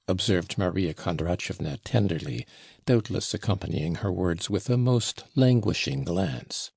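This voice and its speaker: Gravelly low-voiced male audiobook narrator. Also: animated, normal speed, a little mellow, no echo. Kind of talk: scripted narration.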